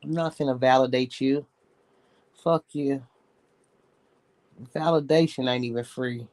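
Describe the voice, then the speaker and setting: A man's voice: mid-range voice, steady tone, unhurried, darkish tone, rough recording. A man with a Southern US accent, talking in a rambling, profane, reflective casual monologue as a streamer.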